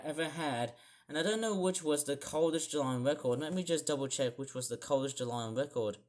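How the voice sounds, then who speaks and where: Man, weather vlogger, casual chat, wanders off track and corrects himself, grumbling undertone. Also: on the high side. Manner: rambling, self-correcting, grumbling. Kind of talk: casual weather commentary over screen charts.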